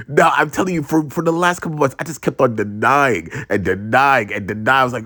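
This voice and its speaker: A young man in his twenties telling a funny personal story in a casual, slangy and animated way. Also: mid-range voice, brisk, hardly any pauses. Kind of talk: storytime vlog.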